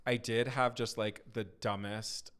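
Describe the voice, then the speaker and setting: A man's voice: lowish voice, a little slow, smooth. A man co-hosting a casual chat podcast, telling stories and acting out quotes. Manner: animated storyteller, acts out quotes. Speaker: podcast co-host.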